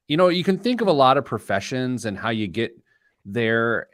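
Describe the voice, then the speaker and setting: Animated, joking male talk host. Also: medium pitch, moderate pace, dry recording, clean studio sound. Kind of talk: casual show banter.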